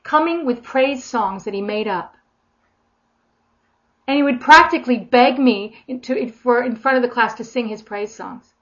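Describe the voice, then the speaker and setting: Middle-aged female preacher, higher-pitched, informal and animated sermon delivery; muffled low-fidelity audio. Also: a little slow. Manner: animated, acts out quoted voices with big swings in loudness. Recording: dull lo-fi recording.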